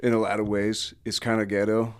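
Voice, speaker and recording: Easygoing low-voiced young man. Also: monotone, a little fast, clear, resonant tone. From Denver area, US. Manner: easygoing, agreeable, many fillers. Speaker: musician guest. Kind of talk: casual chat.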